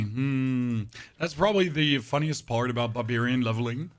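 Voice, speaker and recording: A male game streamer keeps a moderate pace as he casually banters with his live chat, reading messages aloud and adding sarcastic asides. His voice is temporarily rougher and lower than it normally is.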